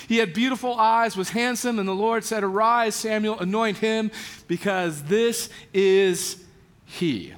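High-voiced man preaching casually. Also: fairly bright tone. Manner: casual storytelling, voices biblical characters in everyday slang. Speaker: pastor. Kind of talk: sermon.

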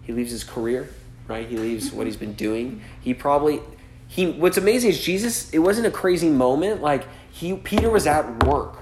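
A man's voice: on the high side, expressive, normal speed, a little mellow, slight background noise. A man pastor preaching a sermon in a loose, conversational way, often asking "right?" and acting out the people in the story. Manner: casual preaching, frequent "right?", acts out voices with laughs. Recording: echoey room.

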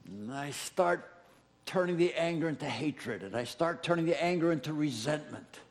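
A man's voice: on the high side, animated, normal speed. A male pastor delivering a sermon in a conversational way, talking straight to the people in front of him and repeating lines to drive a point home. His voice rises and falls widely, full of swings. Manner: conversational, speaks straight to the congregation with repetition.

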